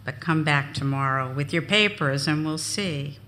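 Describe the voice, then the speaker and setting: Woman reading as a circus hot dog man, loud, brisk, raised voice, bright tone. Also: low voice, pitched below the performer's own voice.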